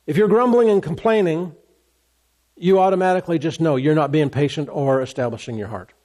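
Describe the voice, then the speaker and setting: Animated male pastor preaching a sermon. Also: fairly high pitch, a little fast. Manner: animated preaching, acting out grumbling voices.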